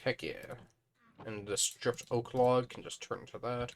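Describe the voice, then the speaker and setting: A man with a hoarse, fading voice, chatting casually on a live stream as he plays a building game and thinks aloud. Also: medium pitch, steady tone, measured pace.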